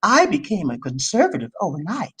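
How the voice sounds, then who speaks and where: A man imitates a smug woman political commentator with a sneering, exaggerated delivery. The pitch leaps up and down. The impression stays close to his own voice. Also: wildly swooping pitch, fairly quick, fairly bright tone, breathy edge, heavily acted. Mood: mocking. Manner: mocking, exaggerated.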